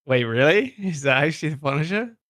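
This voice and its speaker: A man co-hosting a gaming stream, teasing and excitable in his reactions. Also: fairly high pitch, fairly quick. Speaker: stream co-host. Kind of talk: casual gaming chat.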